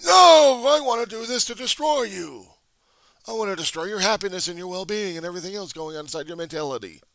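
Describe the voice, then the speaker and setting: High, shrieking, hostile heckler acted by a man, ranting abuse, yelling. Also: expressive, a little fast, dry recording, clean studio sound. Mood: menacing. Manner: screaming, insulting, shrill.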